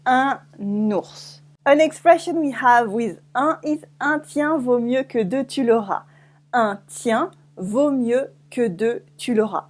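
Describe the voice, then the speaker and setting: A woman with a French accent teaching pronunciation in a language lesson, saying words slowly and repeating them with care. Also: fairly high pitch, a little mellow. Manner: slow, careful pronunciation drills, repeating each word.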